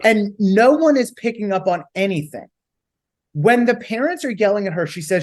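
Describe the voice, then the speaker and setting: Lively woman reading book quotes aloud. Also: medium pitch, normal speed. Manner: thoughtful, reads quotes aloud in lively voices. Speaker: podcast co-host. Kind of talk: casual book-club chat.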